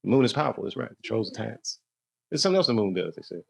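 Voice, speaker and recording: A man's voice: lowish voice, very animated, racing, creaky, slightly rough. An American man doing stand-up with crowd work in a club, loose and rambling, chuckling at his own jokes. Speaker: stand-up comedian. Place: dark comedy club, indoors.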